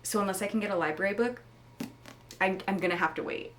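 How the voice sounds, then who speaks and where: This reading vlogger, a woman in her 20s, gushes dramatically in a casual way and occasionally slips into a whisper. Her voice is medium in pitch, fast, and a bit bright, with a little hiss or hum in the recording.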